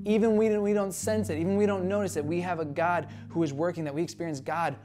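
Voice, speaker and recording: A man's voice: sits high, fairly even intonation, fast talker, music in the background. A young man preaching a sermon as a pastor, earnest and conversational, reading scripture with feeling and acting out prayers.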